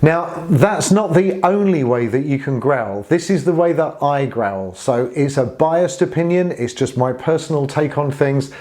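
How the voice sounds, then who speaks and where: A man's voice: on the high side, expressive, unhurried, few pauses, a little mellow. A man teaching saxophone in a casual spoken tutorial, friendly and earnest, sometimes growling gritty sounds to demonstrate.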